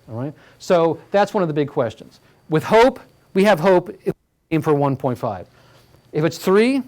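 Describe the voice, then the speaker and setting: A man's voice: a little high, darkish tone. A man giving a community lecture on slides, conversational and full of fillers, checking in with the audience. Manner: conversational, full of fillers and "all right?" asides. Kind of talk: public talk with slides. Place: community hall talk.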